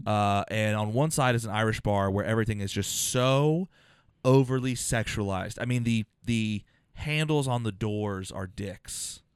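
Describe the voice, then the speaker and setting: A man's voice: fairly low pitch, unhurried, clean tone, dry recording, studio quality. A man hosting a podcast, a stand-up comedian telling rambling road stories with casual swearing. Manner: rambling storyteller, swears freely.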